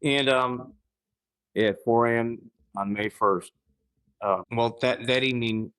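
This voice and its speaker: A man in his fifties from Missouri, a podcast guest telling a personal story in a halting way, restarting sentences and clearing his throat. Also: mid-range voice, a bit bright, rough recording. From Missouri, United States.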